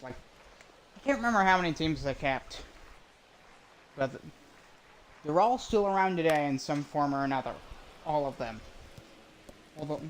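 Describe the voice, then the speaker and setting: A man's voice: on the high side, slight background noise, poor audio. A man streaming a baseball video game, calling the plays in a casual, rambling way with chatty asides and self-corrections.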